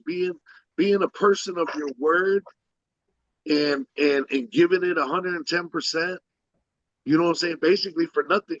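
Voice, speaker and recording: A man co-hosting a casual podcast chat about films, talking excitedly and often asking "you know what I'm saying". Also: high-pitched, no room sound, dull audio. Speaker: podcast co-host.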